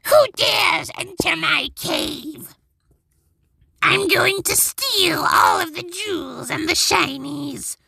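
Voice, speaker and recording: A man voicing a greedy little cave creature that gloats over stolen jewels, in a high croaking voice. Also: lively intonation, takes it slowly, pushed and bright, no echo, exaggerated voice. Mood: gloating. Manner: gloating and taunting.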